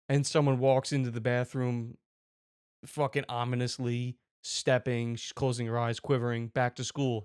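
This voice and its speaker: A man's voice: on the high side, dry recording, clean studio sound. A man hosting a ranting commentary show, talking in an exasperated, profane and sarcastic way. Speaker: host.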